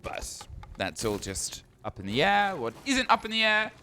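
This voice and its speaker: Esports caster guy, chatty and jokey, highish voice, gunshots in the mix. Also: wildly swooping pitch, moderate pace, sharp tone, slight background noise. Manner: chatty, analytical, jokey banter. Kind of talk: live esports commentary. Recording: broadcast mix with game gunfire behind.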